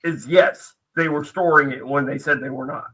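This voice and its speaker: A man's voice: medium pitch, steady tone, moderate pace, pushed and bright, distant mic, low-quality recording. A man co-hosting a casual tech podcast who speaks bluntly and crudely. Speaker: podcast co-host.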